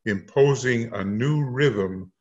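A man leading a casual discussion, speaking haltingly with many pauses and fillers. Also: mid-range voice. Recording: muffled lo-fi sound.

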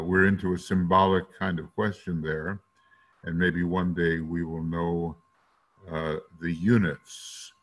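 A man teaching a class lectures in a deep, fairly bright voice that still has a morning roughness to it. His delivery is slow and deliberate, and now and then he sings note syllables to demonstrate.

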